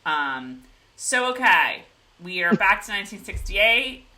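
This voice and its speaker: A woman co-hosting a casual TV recap show, animated and joking as she talks. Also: medium pitch, unhurried, slight background noise. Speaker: podcast co-host.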